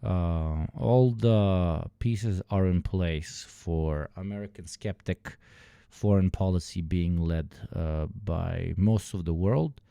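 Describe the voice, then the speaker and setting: A man's voice: low voice, takes it slowly, creaky, mellow, clean tone, no echo, clean studio sound. A man from the Balkans livestreaming a reaction, chatting loosely with his viewers and cursing as he jokes. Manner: loose, profane, joking asides to chat. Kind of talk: casual reaction stream chat.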